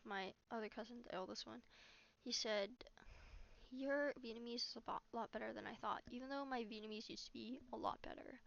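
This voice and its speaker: Halting, swearing young woman, lo-fi. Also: fairly high pitch, fairly bright tone. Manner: rambling, halting, heavy swearing; often drops to a near whisper. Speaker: vlogger. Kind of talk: casual venting monologue. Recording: dull lo-fi recording.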